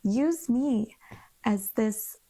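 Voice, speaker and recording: A woman's voice: on the high side, animated, very slow, warm tone. A young woman telling a candid vlog story in a frank, rambling, exasperated way. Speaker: vlogger.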